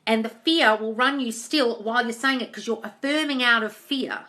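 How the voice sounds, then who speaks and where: A woman's voice: on the high side, normal speed, pushed and bright. A woman coaching on manifesting in a casual live-stream Q&A, reading out viewer comments and answering them directly.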